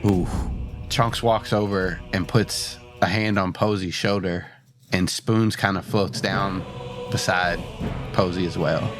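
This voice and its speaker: A man narrating a tabletop game as game master, setting scenes in slow, measured sentences. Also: deep voice, fairly even intonation, music in the background.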